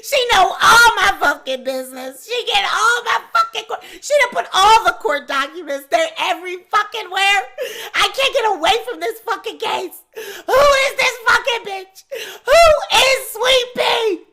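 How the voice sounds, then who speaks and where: A woman playing a furious woman gossip vlogger who shouts, curses and half-wails through laughter. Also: very high voice, animated, unhurried, a little hiss or hum, pitched above the performer's own voice, heavily acted. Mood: ranting.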